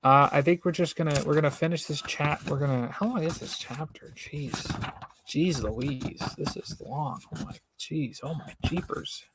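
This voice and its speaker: A man's voice: a little high, normal speed, fairly bright tone, a little hiss or hum. A young man casually reading a children's book aloud on a stream, breaking off for bemused jokes. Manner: reads with joking, bemused asides. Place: home streaming setup.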